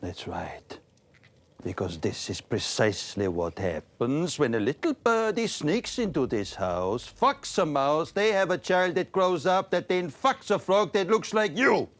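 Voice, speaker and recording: A man's voice: on the high side, sing-song, unhurried. An actor playing a pompous, easily exasperated ancient male vampire warrior who scolds in a grandiose, theatrical way.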